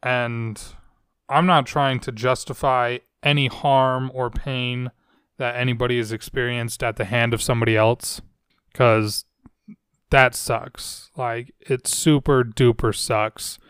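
Young man, podcast host, earnest solo talk, smooth voice, dry close mic. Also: medium pitch, flat delivery, slow pace, dry recording. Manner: earnest, searching, soft-spoken. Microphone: close microphone.

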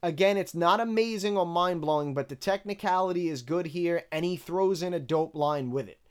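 A man casually breaking down rap lyrics bar by bar, candid and relaxed as he counts the rhymes. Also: a little high, moderate pace, clear, resonant tone. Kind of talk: casual analytical commentary.

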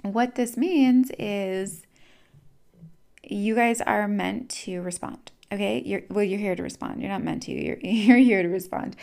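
A woman's voice: mid-range voice, gravelly, darkish tone. A woman giving a casual spiritual teaching talk in a chatty, repetitive way, acting out little everyday dialogues as she explains.

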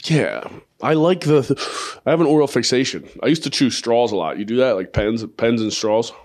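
A man with a middle-pitched voice hosts a podcast in loose, crude chat. He swears constantly, jokes crudely and tells rambling stories. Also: animated, fairly quick, a little mellow. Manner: profane, joking, storytelling. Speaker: podcast host; comedian.

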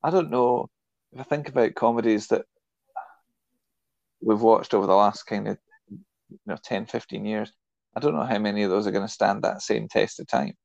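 A man co-hosting a podcast, chatting about a film in a relaxed, enthusiastic way and laughing often. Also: on the low side, moderate pace, gravelly, pauses often, dry recording, lo-fi sound. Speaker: podcast co-host. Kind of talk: casual film discussion.

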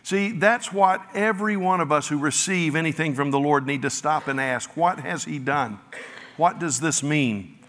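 A man preaching a sermon and reading scripture aloud, animated, acting out the disciples' lines with his voice rising. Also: on the high side, normal speed. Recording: long reverb of a hall.

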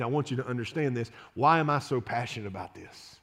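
A man's voice: medium pitch, expressive, fast, few pauses, a bit bright. A man, preaching an impassioned, pleading sermon full of repeated phrases and restarts. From Louisiana, USA. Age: 30s. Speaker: pastor.

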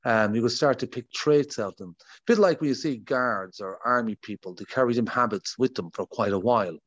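A man's voice: medium pitch, brisk, no room sound. A man hosting a podcast, talking in a loose, rambling way. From Ireland. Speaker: podcast host. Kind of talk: casual podcast interview. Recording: dull, lo-fi, dry sound.

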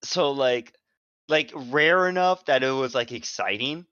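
A man's voice: mid-range voice, a little slow, bright, forceful tone, clear, resonant tone, dry recording. A man rambles through a story on a casual podcast, swearing freely and restarting his sentences. His voice sounds dry and close, with a slightly dull, muffled tone. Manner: rambling, profane, lots of fillers and restarts. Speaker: podcast co-host.

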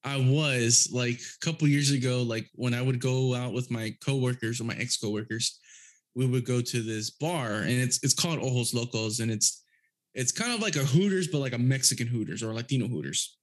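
A man's voice: mid-range voice, a little fast. Laid-back, profane young man. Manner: profane, laid-back, rambling with frequent fillers. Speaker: podcast guest. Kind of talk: casual chat.

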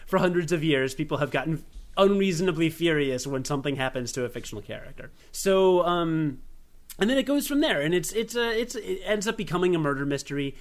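A man's voice: fairly high pitch, animated, brisk. A young American man co-hosting a casual podcast, rambling with self-deprecating asides and many restarts. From United States. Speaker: podcast co-host. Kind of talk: casual chat.

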